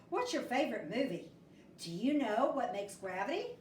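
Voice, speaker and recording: Lady teacher reading a kids' book, high swoopy voice, kinda far off in a roomy space. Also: a little fast, slight background noise. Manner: animated, expressive storybook voices for children. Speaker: first grade teacher. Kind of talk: reading a picture book aloud to children.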